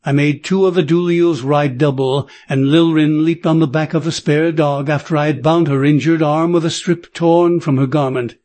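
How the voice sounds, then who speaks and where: Male audiobook narrator, steady measured read, slightly high voice. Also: no echo. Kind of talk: scripted narration.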